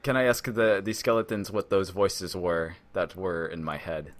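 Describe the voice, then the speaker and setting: A man's voice: sits low, steady tone, normal speed. A man playing in a tabletop game, talking in a mild, amused way. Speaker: player. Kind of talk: casual tabletop game play.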